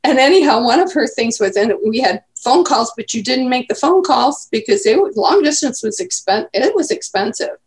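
A woman's voice: fairly high pitch, expressive, normal speed, hardly any pauses. A woman in her eighties, chatting casually as an interview guest and telling rambling stories. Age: 80s. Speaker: guest grandmother.

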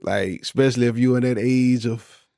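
A man's voice: mid-range voice, steady tone, normal speed, gravelly, mellow, no room sound, clean studio sound. A man in his thirties from Florida with a Southern accent, hosting a casual solo podcast in slangy, laid-back banter. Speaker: podcast host.

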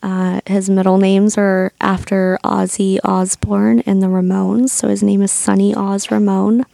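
Woman in her 30s telling her birth story, raw and sweary, gravelly voice, dry close mic. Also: mid-range voice, little pitch movement, a little slow, warm tone, no room sound. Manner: candid, emotional, swears freely. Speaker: podcast host and doula.

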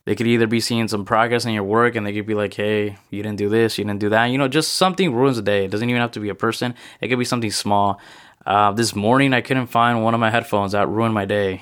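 Slightly breathless low-voiced male podcaster. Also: fairly bright tone, clear, resonant tone. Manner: rambling and self-correcting storytelling. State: a little out of breath. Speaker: podcast host. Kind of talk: casual solo motivational podcast talk.

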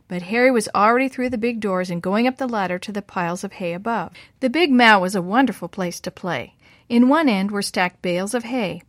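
A woman narrating a children's story, using lively voices for the boys' lines. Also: mid-range voice, dry recording, studio quality.

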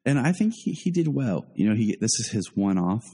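A man's voice: medium pitch, very animated, fairly quick, mellow, husky, big-room sound. A man hosting a podcast in casual chat, sharing opinions and thinking aloud with small repeats. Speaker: podcast host.

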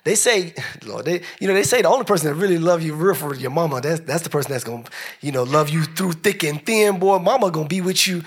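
A man preaching a lively sermon, joking with the congregation, dropping into slow low phrases and rising into high shouts. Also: slightly rough. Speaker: pastor.

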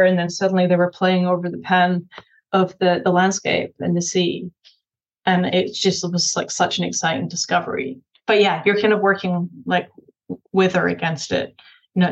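A Scottish woman, a film director, answering interview questions thoughtfully with many pauses and restarts. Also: fairly low pitch, dull audio.

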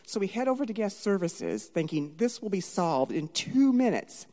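Middle-aged woman telling a story on stage, swings quiet to loud, big hall echo, voice sits mid-range. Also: mid-range voice, moderate pace, hardly any pauses. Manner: animated, dramatic shifts from hushed to shouting. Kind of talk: live personal storytelling.

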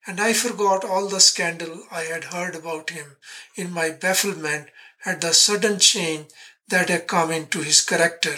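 Story narrator reading a literary tale, first person, bright crisp voice. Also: mid-range voice, poor audio. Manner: measured, reflective first-person telling.

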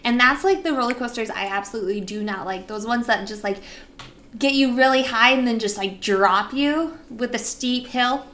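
A young woman co-hosting a casual chat, telling a story with lively re-enacted quotes. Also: a little high, normal speed. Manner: animated storyteller, acts out her own panicked quotes. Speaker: podcast co-host.

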